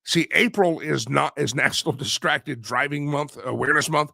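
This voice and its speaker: A man hosting a talk radio show, his voice hoarse and raspy and wearing out, talking in an animated, teasing way that swings between projecting and mumbling. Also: on the high side, normal speed, dry recording, clean studio sound. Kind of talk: opinionated talk radio monologue.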